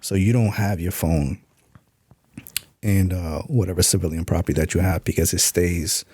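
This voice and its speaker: A man's voice: deep voice, fairly even intonation, normal speed, dark tone, slightly rough, no echo. A middle-aged man, an author, telling stories in a laid-back casual interview. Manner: laid-back, acts out quoted voices in stories. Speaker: author and podcast guest.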